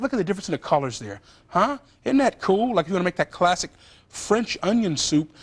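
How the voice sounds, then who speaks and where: Talky guy cooking on tv in a studio kitchen, slightly high voice, jokes around with the crew. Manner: chatty, animated, jokes with crew. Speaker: TV cooking show host. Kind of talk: TV cooking demonstration.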